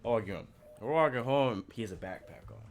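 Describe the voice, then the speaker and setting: Over music, a fast-talking man with a medium-pitched voice co-hosts a podcast and relates a lengthy story in a relaxed, chatty way. His retelling is lively, peppered with slang and recreated conversations.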